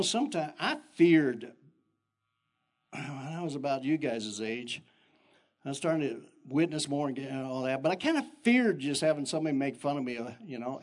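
An older man who is a pastor, giving an animated sermon full of personal stories that jump in pitch. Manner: animated storytelling with sudden pitch jumps and chuckles.

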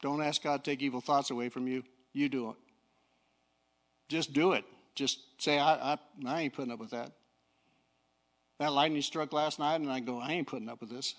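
A middle-aged male preacher giving a folksy sermon, swinging from low talk to fiery shouting. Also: steady tone, moderate pace, pauses often. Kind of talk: sermon with personal story.

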